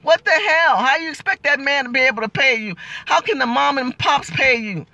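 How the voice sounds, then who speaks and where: A woman's voice: high voice, fairly quick, vocal fry, bright, forceful tone, dry recording. A middle-aged woman delivering an impassioned political vlog rant, blunt and fiery, firing off rhetorical questions and curses. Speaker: political commentator.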